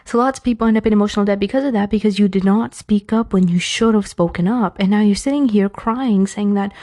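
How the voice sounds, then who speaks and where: A woman from New York with a New York accent, hosting a casual advice talk in a chatty, animated way that drifts into playful self-mocking tangents. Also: mid-range voice, fast talker. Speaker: host of an Islamic advice podcast.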